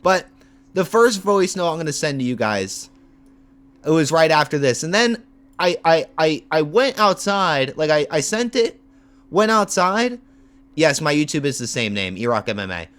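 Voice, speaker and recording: A man's voice: fairly high pitch, sing-song, moderate pace, a bit bright. A man streaming live as an MMA content creator, telling a grievance story in a heated, profane rant. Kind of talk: livestream rant.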